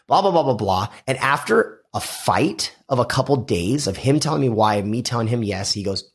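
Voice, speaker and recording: A middle-aged man, a guest on a podcast, talking casually and acting out quoted conversations with lively shifts in his voice. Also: mid-range voice, fairly quick, few pauses, breathy edge. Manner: animated storyteller, acts out quoted dialogue. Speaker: guest, house flipper.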